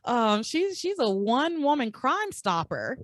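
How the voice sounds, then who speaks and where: A woman co-hosting a casual podcast, talking in an animated rush of restarts and fillers. Her pitch swoops widely as she goes. The sound is dry and close, with no room around it. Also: a little slow, no echo. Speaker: podcast co-host. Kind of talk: casual recap chat.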